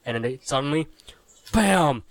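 A young man co-hosting a casual podcast chat, telling stories with lively acted-out quotes. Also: quick pace, no echo. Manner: animated storytelling, acts out quotes with sudden high yelps. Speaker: podcast co-host.

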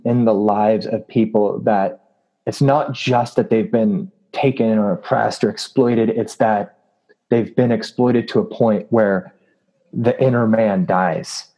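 In a lowish voice with a dark tone, this activist and preacher against trafficking recounts a story during a relaxed interview. He's earnest, laughing often and using plenty of fillers, and the audio quality is poor.

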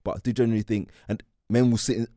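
A man from East London with an East London accent, chatting casually on a podcast, laid-back and thinking out loud. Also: lowish voice, level tone, racing, dry recording, clean studio sound.

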